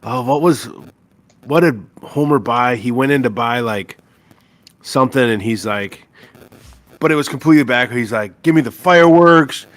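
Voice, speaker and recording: A man co-hosting a laid-back sports chat, quick with jokes and stories. His voice sits at a middling pitch. The sound is dry and close, with no room in it. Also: no echo. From Upper Midwest US. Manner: jokey storyteller, teasing. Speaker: podcast co-host.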